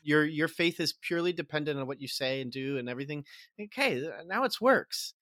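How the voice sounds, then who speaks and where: A man's voice: fairly high pitch, expressive, fairly quick, fairly bright tone, no echo, studio quality. A man co-hosting a podcast, adding brief quips and comments in casual conversation. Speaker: podcast co-host.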